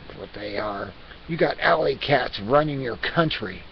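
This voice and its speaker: A man with a mid-range voice, vocal fry, and lively intonation voices a scolding male house cat at normal speed. It's a comic character rant, hectoring and conspiratorial, with repeated demands for the listener's attention, captured on a dull lo-fi recording with hiss.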